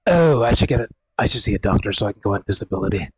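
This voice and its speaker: Speaking fast and expressively in a fairly low, slightly rough voice, this young man is streaming indoors at home into a desk microphone. He's hurting and out of breath, groaning and cursing as he mutters to himself in a casual chat with viewers. There's no echo, though the audio is poor.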